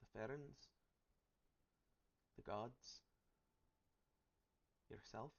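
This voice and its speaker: A man's voice: mid-range voice, very slow, vocal fry, exaggerated voice. A man voicing a loyal, oath-bound woman protector with a Russian accent, speaking earnestly and insistently in a tabletop game. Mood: devoted. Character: sworn female protector, fierce and loyal. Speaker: tabletop player. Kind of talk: in-character roleplay. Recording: dull lo-fi audio.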